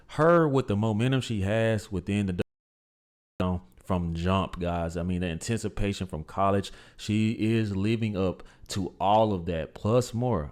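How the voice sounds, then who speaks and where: A man's voice: lowish voice, a little mellow. A man hosting a reaction channel, giving opinionated, emphatic commentary to his viewers.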